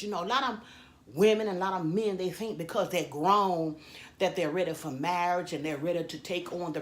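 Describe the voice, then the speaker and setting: A woman's voice: fairly low pitch, fairly bright tone, slight background noise. Churchy woman chatting from her kitchen. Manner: preachy and repetitive, calls viewers y'all, adds amen. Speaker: faith vlogger. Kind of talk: casual chat with viewers while cleaning. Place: home kitchen, doing dishes. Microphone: camera propped up and moved around.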